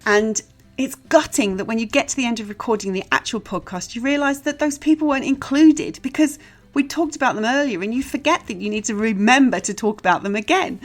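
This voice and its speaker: A woman's voice: a little high, fairly quick, soft background music. A woman hosting a podcast interview, chatty and friendly, laughing easily. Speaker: podcast host.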